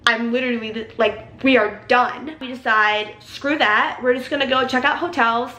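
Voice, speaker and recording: A young woman vlogger telling a story in a casual, excitable way, full of "like" and swearing. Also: on the high side, moderate pace, echoey room. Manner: excitable, heavy use of "like", swears freely.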